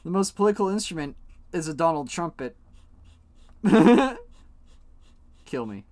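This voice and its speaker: A young man chats casually on a live stream, rambling and joking with plenty of swearing. His voice sits a little high for a man, and the sound is dry and close. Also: lively intonation, fast talker, no room sound. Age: young adult. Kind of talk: casual live-stream chat while coloring.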